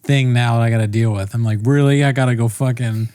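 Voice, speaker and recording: A man's voice: medium pitch, steady tone, quick pace, mellow, smooth, dry recording, studio quality. A young man on a casual comedy podcast, rambling through a story, swearing often and laughing at himself. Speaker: podcast co-host.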